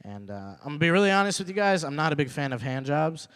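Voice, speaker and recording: A young male comedian working a small club open mic with a slightly high, easy voice. He tells stories loosely, says his punchlines twice and slips into quick acted-out lines from other people. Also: big pitch swings, fairly bright tone, clean tone. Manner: loose storytelling with repeated lines and acted quotes. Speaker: stand-up comedian. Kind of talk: stand-up comedy set.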